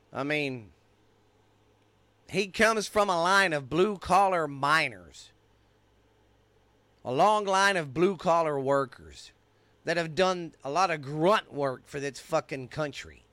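A middle-aged American podcast host with a Texan accent delivers an angry, profane ranting monologue in his own voice. His voice sits on the high side, pushed and bright, with no room sound.

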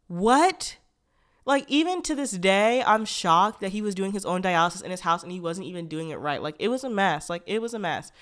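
Young woman with a smooth voice. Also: fairly low pitch, fast, hardly any pauses, fairly bright tone. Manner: rambling, frequent "like" fillers and restarts, blunt and profane. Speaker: podcast host. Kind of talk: candid personal storytelling.

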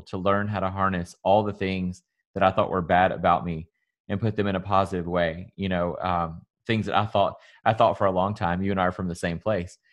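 A man's voice: low voice, highs cut off. Earnest man with a Southern drawl. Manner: earnest, motivational, loose and rambling. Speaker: guest, salon owner and public speaker. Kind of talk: casual podcast interview.

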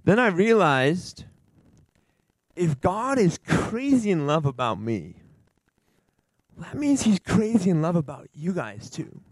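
A man giving an earnest, animated testimony to a church gathering, rambling and restarting as he talks. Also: high-pitched, slow pace, pauses often, no echo, low-quality recording. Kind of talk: informal sermon sharing.

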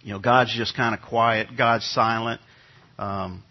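A middle-aged man, a pastor, preaching a sermon in a relaxed, conversational way, telling a family story with frequent restarts and fillers. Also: mid-range voice, a little slow, muffled recording. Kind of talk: sermon with personal anecdote. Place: church sanctuary.

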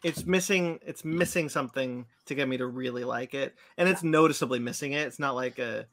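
A man's voice: medium pitch, fairly quick, fairly bright tone. A man hosting a podcast, chatting casually and searching for words as he gives his opinion. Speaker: podcast host. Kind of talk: casual review chat.

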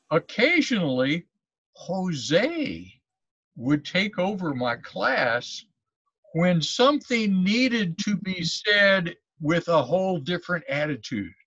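A man's voice: high voice, fairly bright tone, no echo. A man hosting an interview over a video call, easygoing and chatty, laughing along. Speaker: host. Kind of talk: casual interview conversation. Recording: dull dry video-call audio.

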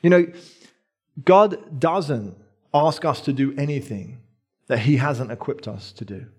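A man's voice: mid-range voice, a little slow, darkish tone, breathy edge. A man in his thirties preaching a sermon as pastor, earnest and emphatic, repeating key phrases.

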